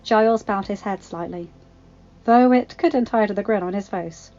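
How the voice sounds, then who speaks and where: Calm woman reading a story aloud. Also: mid-range voice, normal speed, muffled recording. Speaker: fan fiction reader. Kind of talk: audiobook narration.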